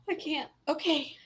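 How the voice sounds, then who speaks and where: A woman's voice: high-pitched, background noise. A woman co-hosting a casual chat show, teasing and laughing often. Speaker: co-host.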